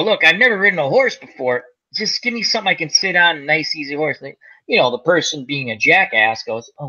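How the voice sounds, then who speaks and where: A man's voice: medium pitch, pushed and bright, lo-fi sound. A man telling a long, funny story in a casual chat, acting out quotes and swearing freely. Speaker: podcast co-host telling a story.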